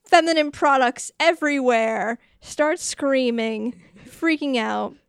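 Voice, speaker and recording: Gravelly-voiced woman recapping a movie. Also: high voice, no room sound, studio quality. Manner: animated retelling with quick character voices and laughs. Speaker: podcast co-host. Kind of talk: casual movie recap chat.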